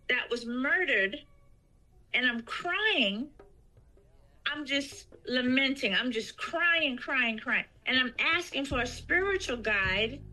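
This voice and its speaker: A woman tells her own story in a slow, unhurried way. Her voice is bright and fairly high, and she leans into the lines she quotes. A little music plays faintly behind her. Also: low-quality recording. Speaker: guest. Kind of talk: telling a personal story.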